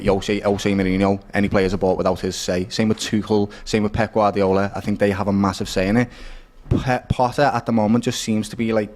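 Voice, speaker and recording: A man talking football in a casual, animated way, calling people "lad". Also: on the low side. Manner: animated, chatty, says "lad" a lot. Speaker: Liverpool fan pundit.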